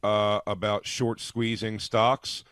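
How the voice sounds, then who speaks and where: A man with a somewhat low voice tells rambling anecdotes on a radio show. He halts and restarts as he goes. The sound is dry and close. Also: level tone, slow pace, fairly bright tone, clear, resonant tone, dry recording. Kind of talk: casual chat.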